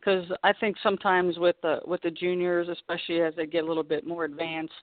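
A woman's voice: on the low side, little pitch movement, fast talker, no room sound. A woman in her fifties, a guest golf pro, chatting casually and laughing often during a phone-in radio interview. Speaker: guest professional golfer. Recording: tinny dry phone line.

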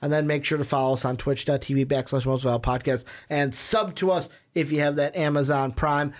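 A man's voice: on the high side, fairly even intonation, brisk, few pauses. Casual, swearing male podcast host. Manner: loose, swears, frequent "um" fillers.

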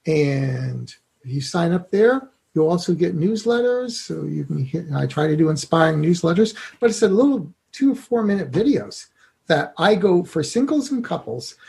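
Male guest author in a casual chat, high-ish voice, rambling and filler-heavy. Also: big pitch swings, normal speed, vocal fry, a little mellow. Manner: rambling, many fillers, laughs easily.

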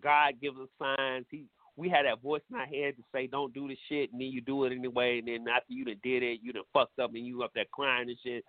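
A man's voice: mid-range voice, flat delivery, a little fast, few pauses, no echo. A man hosting a talk show, giving blunt, profane advice in a preachy, casual monologue. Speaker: radio show host. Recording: tinny phone-like sound.

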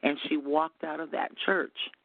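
A woman's voice: low-pitched, steady tone, unhurried, dry recording. A woman minister, a guest on a call-in radio show, telling an earnest testimony with frequent restarts. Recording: tinny phone line, dry.

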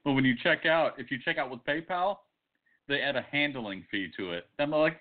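A man's voice: mid-range voice, a little fast. A man co-hosting a podcast, joking and bantering in casual chat. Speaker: podcast co-host. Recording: tinny phone-like audio.

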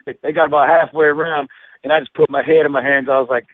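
A man's voice: on the high side, fairly even intonation, quick pace, dry recording. A middle-aged man from Florida with a Southern twang, chatting as a guest in a loose, rambling way full of fillers. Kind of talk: casual chat. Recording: dry, phone-like call-in line.

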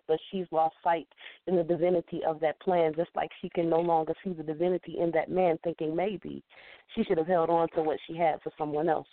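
A woman's voice: fairly low pitch, dry recording. A woman caller reciting her own spoken-word poem with a rhythmic, rhyming, conversational delivery. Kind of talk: spoken-word poetry recital over the phone. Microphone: phone. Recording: tinny, dry phone line.

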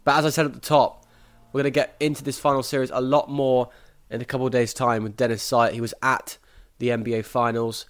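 A man hosting a sports podcast, giving brisk, opinionated analysis and then interviewing a guest. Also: medium pitch, little pitch movement. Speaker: podcast host.

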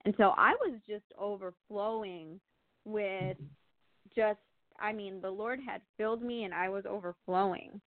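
A woman telling a personal faith story in casual, animated chat, with lots of fillers and laughter. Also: medium pitch, a little slow, no echo. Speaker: guest sharing testimony. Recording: tinny phone-like line, dry.

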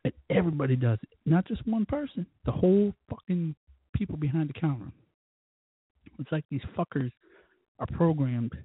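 A man's voice: a little high, expressive, moderate pace, breathy edge, dry recording. Profane, tipsy man on a tinny line. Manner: profane, rambling, tipsy storytelling. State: tipsy from drinking. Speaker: podcast host. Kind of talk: casual rambling monologue. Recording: tinny phone-like recording.

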